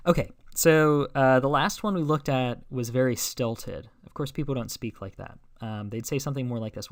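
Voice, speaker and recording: A man giving a logic lecture. He works through each step slowly and keeps checking in with the class. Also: mid-range voice. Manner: explains step by step, with many "right?" checks and fillers.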